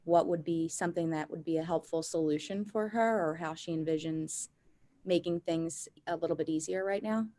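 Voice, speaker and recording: A woman with a lowish voice offers her answer in a measured, tentative way, as a participant in a webinar discussion. She softens her ideas with small qualifiers. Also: steady tone. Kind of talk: casual discussion.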